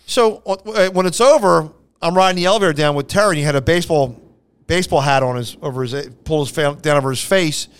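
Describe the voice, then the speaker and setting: A male comedian spins rambling stories on a casual podcast, tripping over his restarts and acting out the people he quotes. His voice sits a little high and comes out smooth and clean. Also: fast talker. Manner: rambling anecdotes with many restarts and acted-out quotes. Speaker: stand-up comedian and podcast co-host. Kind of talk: casual storytelling chat.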